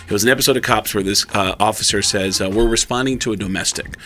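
A man co-hosting a morning radio show, telling stories and acting out the quoted lines with big loud jumps in voice. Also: lowish voice, fast talker, a little hiss or hum. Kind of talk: animated storytelling on morning radio.

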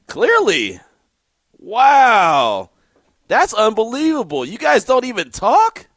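A middle-aged man hosting a radio show, teasing and animated in casual banter, laughing often. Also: extremely high pitch, slow pace, no echo, studio quality.

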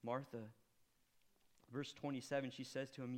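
A man preaching a sermon, swinging from hushed, intimate lines to loud, impassioned appeals. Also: a little high, lively intonation, moderate pace. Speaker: pastor.

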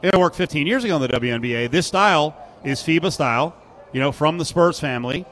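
A man's voice: fairly high pitch, fast, a bit bright. Chatty male sports radio host. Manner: chatty, jokey, reads live ads. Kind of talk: casual sports radio chat. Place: sportsbook broadcast booth.

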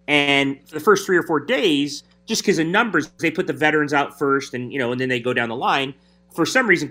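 A man, a hockey reporter, telling an animated story in casual chat. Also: medium pitch.

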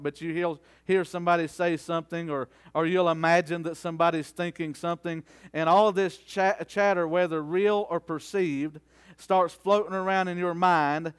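Smooth high-voiced preacher calling for amens. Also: male voice. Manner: rhetorical call-and-response, rising into fervent slow declamation. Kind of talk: sermon.

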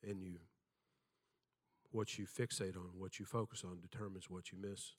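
Older man, preacher, low voice, folksy sermon storytelling, joking about himself. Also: flat delivery, moderate pace. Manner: folksy storytelling, self-deprecating humor, acts out quotes.

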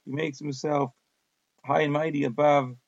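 Gravelly male Talmud teacher, reads then translates, dry close sound, dull audio. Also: fairly high pitch, little pitch movement, moderate pace, dry recording. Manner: reads Aramaic text then translates in casual English. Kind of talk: daf yomi Talmud lesson.

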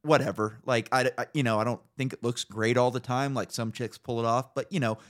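A man's voice: mid-range voice, steady tone, brisk, fairly bright tone. A man co-hosting a podcast, telling stories in a profane, ranting way in casual chat. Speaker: podcast co-host.

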